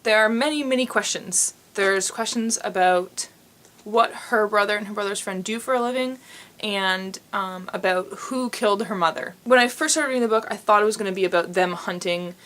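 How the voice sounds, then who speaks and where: North american woman chatting thru a book review, lots of ums, pretty expressive, normal mid voice. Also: medium pitch, normal speed. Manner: chatty, expressive, with frequent "um"s and laughter. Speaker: book vlogger.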